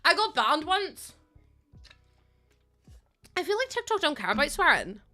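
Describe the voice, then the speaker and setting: A woman's voice: high voice, measured pace, soft background music. A young woman with a Northern Irish accent, chatting casually and giggling with her live chat as a streamer. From Northern Ireland. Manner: chatty, giggly, loose and animated.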